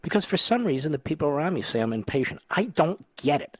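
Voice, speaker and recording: Lively joking radio host man. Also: on the high side, fast, slightly rough, no echo. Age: 60s. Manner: wisecracking, lively storyteller. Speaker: radio talk show host. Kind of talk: casual talk radio chat. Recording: dry studio sound.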